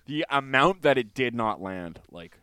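A man's voice: mid-range voice, expressive, measured pace, sharp tone, clear, resonant tone, dry recording. A man co-hosting a podcast in casual chat, joking and swearing as he tells a story. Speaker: podcast co-host.

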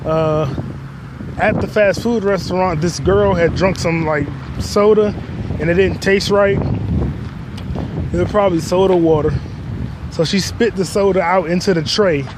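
A young man hosting a podcast outdoors on a city street, rambling in a deadpan, joking way, swearing freely and coughing with a cold. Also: high-pitched, a little slow, pauses often. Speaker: podcast host. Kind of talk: casual solo monologue. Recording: street noise clearly audible. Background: passing cars and street noise.

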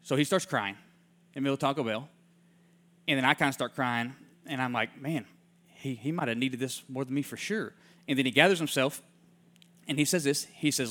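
A man preaching in a storytelling way. He acts out the people he quotes, and his voice drops soft and hushed in heartfelt moments. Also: medium pitch, normal speed, long pauses. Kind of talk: sermon storytelling.

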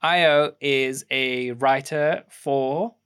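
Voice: medium pitch, drawn-out words, fairly bright tone, smooth. Young podcast cohost rattling off movie trivia, lots of ums and restarts, chatty. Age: young adult. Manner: rambling, fact-sharing with many ums and restarts. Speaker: film review podcast co-host. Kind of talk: casual film review chat.

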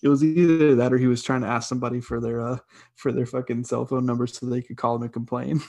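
A man co-hosting a podcast in a relaxed, rambling casual chat. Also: medium pitch, fast talker, gravelly. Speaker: podcast co-host.

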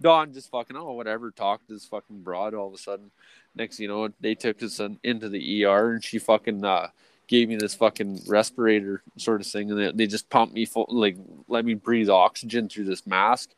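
A man's voice: lowish voice, fairly even intonation, brisk, dry recording. A young adult man telling a rambling story with heavy swearing and lots of fillers, co-hosting a casual podcast chat. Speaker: podcast co-host.

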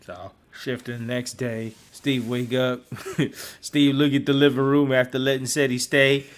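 A man's voice: mid-range voice, steady tone, measured pace. A man, recapping a TV episode in laid-back casual chat. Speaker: podcast co-host.

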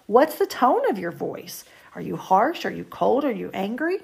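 A woman's voice: fairly high pitch, sing-song, moderate pace, creaky. A woman hosting a self-help podcast, talking straight to the listener in a chatty, coaching way. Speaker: podcast host.

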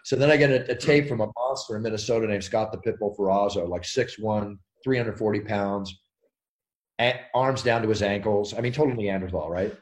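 A middle-aged man, an interview guest, telling animated stories with energy and acting out quotes and sound effects. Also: on the low side, brisk. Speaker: interview guest, ring announcer. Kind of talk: animated storytelling.

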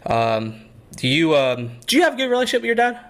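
Rambling young man with a lively voice. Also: on the high side, fast. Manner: rambling, self-deprecating, laughs often. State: a bit out of breath. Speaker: podcast co-host and youth pastor. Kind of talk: casual podcast chat.

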